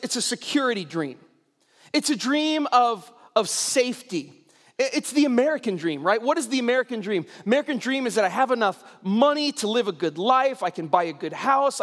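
High-voiced young preacher in a reverberant hall. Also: male voice. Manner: casual, animated storytelling with acted voices. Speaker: pastor. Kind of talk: sermon. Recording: long reverb in a large hall.

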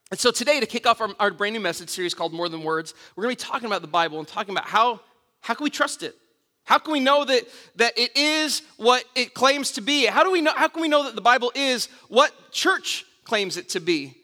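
A man's voice: sits high, bright, forceful tone. A man preaching a conversational sermon as a pastor, telling stories with self-mocking humor and asking rhetorical questions. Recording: reverberant church hall.

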